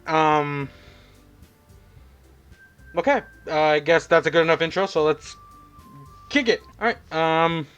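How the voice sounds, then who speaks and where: A young man giving casual, rambling let's-play commentary, speaking softly because it is late at night. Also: a little high, steady tone, slow, pauses often, clean tone, highs cut off, faint music behind. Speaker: gaming YouTuber.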